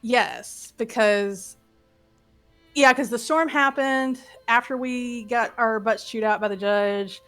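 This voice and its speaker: A woman player telling a tabletop game recap in casual chat, lively and swearing freely. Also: a little high, slow pace, faint music behind.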